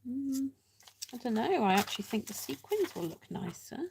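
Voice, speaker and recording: A woman with a fairly high voice, wide pitch swings and vocal fry hosts a casual live card-making demo at a moderate pace over a noisy background. She chats and thinks aloud while working, mocks herself, and calls out viewers by name.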